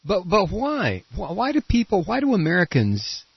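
A man's voice: high voice, wildly swooping pitch, moderate pace, gravelly, breathy edge, dry recording. A man hosting a political talk radio show, blunt and combative, rambling with restarts, congested and coughing at the microphone. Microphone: studio microphone. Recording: dull lo-fi radio broadcast.

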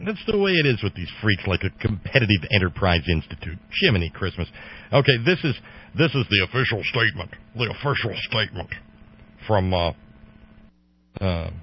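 A middle-aged man hosting a radio talk show in a rambling, sarcastic political monologue, full of restarts and fillers, breaking into loud mocking outbursts. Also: on the low side, husky, highs cut off.

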